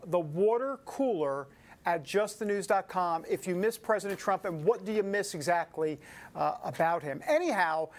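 A man with a New York accent hosting a casual news show, joking and rambling with asides to the audience. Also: high-pitched. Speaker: show host.

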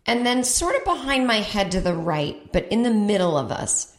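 A woman comedian and podcast host telling a comedic story, animated and acting out voices with big jumps in pitch. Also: moderate pace, reverberant. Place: home in Brooklyn.

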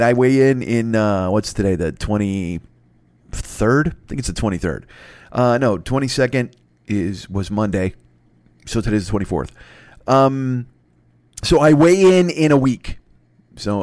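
Man, podcast host, rambling comic monologue, profane, self-mocking, stammering restarts, medium pitch, dry close sound. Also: no echo.

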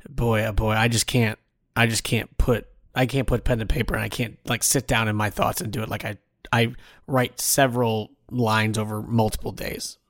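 A man's voice: fairly low pitch, flat delivery, moderate pace, no echo, studio quality. A man co-hosting a casual podcast chat, rambling with lots of self-deprecating restarts. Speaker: podcast co-host.

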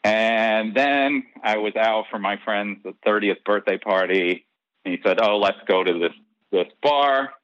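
A man being interviewed tells a long personal anecdote in a casual, animated way, acting out the dialogue and laughing between lines. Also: on the low side, measured pace, no room sound. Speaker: interview guest. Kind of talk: casual storytelling. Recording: dull, lo-fi dry recording.

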